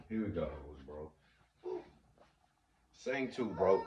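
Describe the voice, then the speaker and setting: A man's voice: fairly low pitch, lively intonation, slow pace, long pauses, mellow, lo-fi sound, a little hiss or hum. A young adult man hosting a casual podcast while caring for his baby, talking in slang and playfully scolding the baby. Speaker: podcast host.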